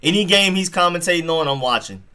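A man hosting a live football reaction stream, talking straight to his chat in an excitable, slangy way. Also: a little high, fast talker, clean tone.

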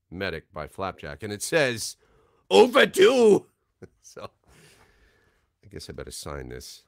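A man chats casually on a livestream, rambling and self-deprecating. His pitch wanders freely up and down as he talks. The sound is close and dry, with no room around it. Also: no echo. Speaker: voice actor hosting a signing livestream.

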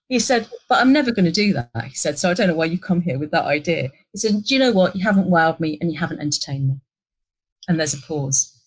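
Woman, middle-aged, fairly low pitch, animated storyteller, interview guest. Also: breathy edge, rough recording. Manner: animated anecdote, acting out quoted lines. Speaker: interview guest, agency executive. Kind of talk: conversational storytelling.

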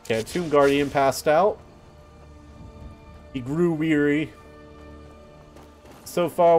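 A young man hosting a let's play, giving casual gameplay commentary and getting easily excited, yelping and laughing at surprises. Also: fairly high pitch, slow pace, pauses often, soft background music.

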